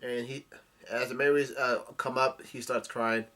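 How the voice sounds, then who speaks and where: A man talks through a comic chapter in a loose, unscripted way, stopping often on fillers and restarting his sentences. His voice is bright and a little tense, and his pitch sits in the middle. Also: flat delivery. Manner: halting, with many fillers and restarts. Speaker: manga reader and recapper. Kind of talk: casual recap of a comic chapter.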